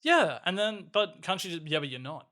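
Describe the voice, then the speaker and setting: An Australian man co-hosting a podcast in casual chat, joking sarcastically and dropping into low mock voices. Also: lively intonation, moderate pace, bright, forceful tone. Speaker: podcast co-host.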